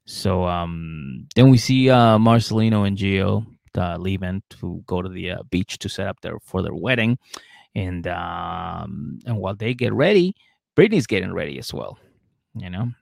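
A man's voice: sits low, lively intonation, moderate pace, gravelly, a little mellow, no room sound, clean studio sound. A man co-hosting a podcast, recapping a reality show in a laid-back, rambling way. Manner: laid-back, rambling, acts out quotes in mocking voices. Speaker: podcast co-host.

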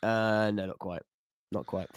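A man's voice: on the low side, fairly even intonation, measured pace, clean tone, no echo. A man co-hosting a casual podcast, chatty, laughing easily and repeating himself. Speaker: podcast co-host.

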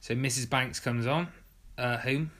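A woman's voice: extremely low pitch, steady tone, a little slow. A woman in her thirties from England, co-hosting a podcast with dry, wry, self-deprecating humour. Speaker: podcast co-host. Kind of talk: casual chat.

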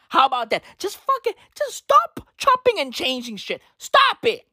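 A woman's voice: sits high, huge pitch swings, normal speed, hardly any pauses, bright, forceful tone, no echo, clean studio sound. A woman delivering a profane, slang-filled comic rant, repeating her punchlines and swearing freely. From South Africa. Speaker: comedic vlogger. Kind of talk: profane comedic rant to camera.

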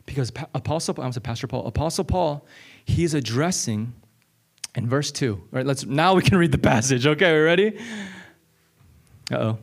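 A man preaching a conversational Bible-teaching sermon, energetic and repeating lines for emphasis, often checking in with "okay?" and "right?". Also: medium pitch, normal speed. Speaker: pastor.

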